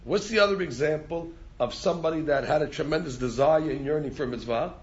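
A man's voice: a little high, fairly quick, highs cut off. A man teaching an informal Torah class, repeating words as he restarts and chanting Hebrew verses.

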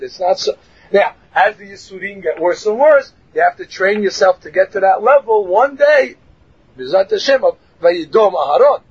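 A man teaching a Torah class, telling stories and acting out the quotes with animated laughter. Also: high-pitched, slightly rough, highs cut off.

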